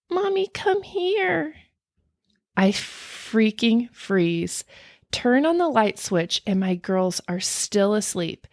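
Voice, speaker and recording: A woman podcast co-host reading listener ghost stories aloud in a casual chat, dramatic and animated, gasping and laughing along. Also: mid-range voice, dry recording, studio quality. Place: home recording, remote from co-host.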